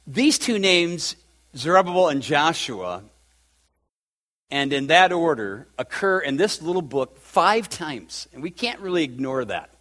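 High-voiced man preaching with swelling fervor. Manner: swings from loud fervent peaks to soft emotional hush. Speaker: pastor. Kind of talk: sermon.

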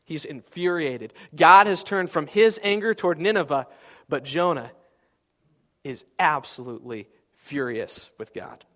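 A man preaching a sermon, swinging between loud, emphatic declarations and quieter asides. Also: fairly high pitch, animated, a little slow.

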